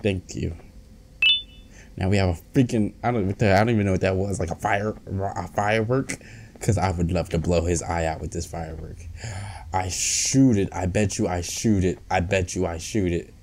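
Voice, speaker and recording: Excitable gaming streamer man, low voice. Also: moderate pace, slight background noise. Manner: excitable, talks to his in-game companion, trash-talks. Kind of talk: let's play commentary.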